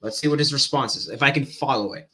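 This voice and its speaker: A man commenting on a debate clip in casual chat, thinking aloud, halting and repeating words as he goes. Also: medium pitch, pushed and bright.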